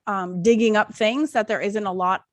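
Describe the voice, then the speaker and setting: A middle-aged woman co-hosting a podcast in casual chat, rambling and animated with many restarts. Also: mid-range voice, moderate pace, no room sound. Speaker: podcast co-host.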